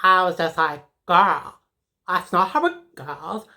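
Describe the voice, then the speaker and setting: A woman's voice: on the low side, slow pace, bright, forceful tone. A woman playing a sassy rambling teen schoolgirl. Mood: indignant. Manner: rambling, peppered with "like", emotional. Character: sassy, dramatic teenage schoolgirl. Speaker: comedic character. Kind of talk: comedic character monologue.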